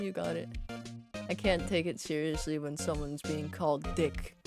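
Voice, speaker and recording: A woman's voice: low-pitched, fairly even intonation, moderate pace, vocal fry, over music. A woman streamer chatting casually while playing a game, giggly, swearing and making self-mocking asides. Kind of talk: casual let's-play chat.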